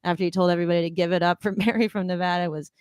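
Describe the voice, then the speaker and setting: A woman's voice: lowish voice, fairly even intonation, very fast, darkish tone, clear, resonant tone, no room sound. A woman co-hosting a casual chat show, telling a story in a chatty way and laughing often. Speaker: co-host.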